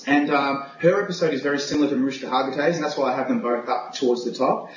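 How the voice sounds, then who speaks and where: A man's voice: mid-range voice, fairly even intonation, fast talker, echoey room, muffled recording, slight background noise. A man arguing playfully as an awards pundit in a casual panel debate, laughing as he pushes his pick.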